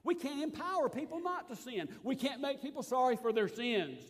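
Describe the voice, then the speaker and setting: A man preaching a sermon in an earnest way, rising to loud emphasis and dropping to soft asides. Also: very high-pitched, lively intonation, a little fast, slightly rough. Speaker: pastor.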